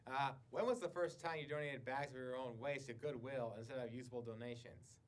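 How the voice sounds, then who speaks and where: Man acting as a slick game-show host, sarcastic, mid-pitched voice, faint background noise. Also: fairly even intonation, a little fast, close to an everyday voice. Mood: smarmy. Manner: slick, mock-polite, sarcastic. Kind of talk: mock game-show hosting.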